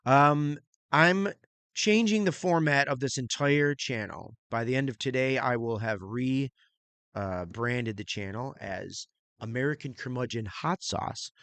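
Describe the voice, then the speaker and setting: Middle-aged dude rambling on his channel, crude and loose, bright punchy voice, dry close sound. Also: medium pitch, a little slow, dry recording. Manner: rambling and crude, imitates beats with mouth sounds. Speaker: channel host reviewing music and movies. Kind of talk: casual solo vlog talk.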